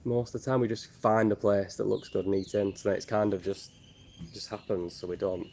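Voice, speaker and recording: Chatty lower-voiced northern English man. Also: steady tone, a little fast, gravelly, darkish tone, slight background noise. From Northern England. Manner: chatty, jokey, reading viewer questions aloud. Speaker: travel vlogger. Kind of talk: casual livestream chat. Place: outdoors in Thailand with birds and geckos around.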